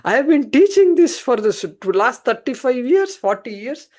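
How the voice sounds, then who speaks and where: A man voicing an astonished old male guru who exclaims in a raised, excited voice. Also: very high-pitched, normal speed, pitched above the performer's own voice, exaggerated voice.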